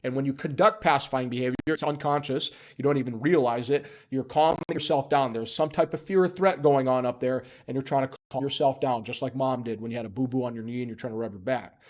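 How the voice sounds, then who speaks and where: A man's voice: mid-range voice, fast talker, few pauses. A man giving a casual spoken lesson, emphatic and chatty, often checking in with "okay?" and dropping joking asides. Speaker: instructor.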